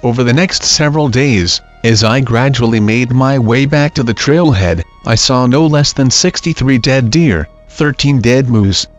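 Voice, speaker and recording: Brief: male narrator for creepy internet stories, mid-pitched, steady delivery, dull lo-fi mix with faint music under it. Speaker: story narrator. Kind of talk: scripted narration of scary stories.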